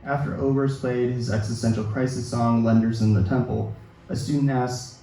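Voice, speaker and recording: A man in his thirties reads his personal essay to a live audience, measured and quietly self-deprecating. His voice is mellow and dark at a middling pitch. It comes from well off the mic and rings around a very echoey hall over a faint hiss. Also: far from the mic. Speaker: author reading his own work. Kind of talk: literary reading of a personal essay. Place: event hall at a book release reading.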